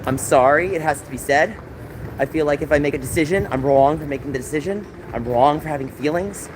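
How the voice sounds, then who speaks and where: An exhausted, tearful man hosting a live stream vents emotionally and apologizes to his chat. His voice is fairly high and fairly quick, and loud outdoor noise fills the background.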